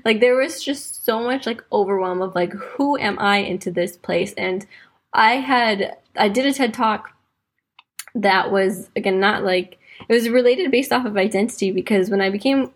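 A woman hosts a casual faith podcast with a husky, slightly breathy voice. She talks chatty and loose, peppering her sentences with "like", and slows down to let important points land. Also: medium pitch. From United States, raised in Wisconsin. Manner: chatty, fills speech with "like", slows to stress points. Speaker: podcast host. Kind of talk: casual faith reflection and storytelling.

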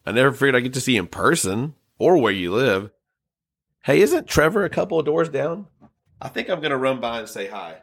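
A man's voice: medium pitch, sing-song, a little fast, pitched above the performer's own voice. A man voicing a friendly visiting uncle who talks in a breezy, friendly way.

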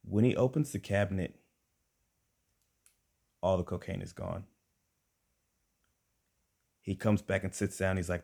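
A deep-voiced young man spinning a comic tale from his own life. He is animated and conversational and talks straight to his listeners. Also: measured pace, gravelly, long pauses. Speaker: storyteller and podcast host. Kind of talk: comic personal storytelling.

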